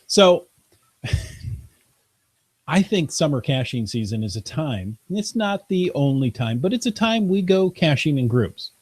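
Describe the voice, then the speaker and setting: A man co-hosting a casual podcast, relaxed and joking as he leads the topic. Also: fairly high pitch, unhurried, husky, dry recording. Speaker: podcast co-host.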